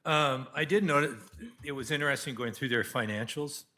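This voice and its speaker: A man on a city council, speaking haltingly with many restarts while questioning a company's financials. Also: mid-range voice, sharp tone, slight background noise. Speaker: council member. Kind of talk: council deliberation.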